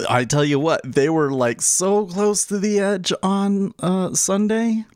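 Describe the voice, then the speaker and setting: A man's voice: sits high, takes it slowly, pauses often, darkish tone, smooth, no room sound, studio quality. A man hosting a day trading livestream, chatting casually and thinking aloud as he works his screens, laughing easily. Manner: laughs easily, loose and joking. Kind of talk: casual live-stream commentary.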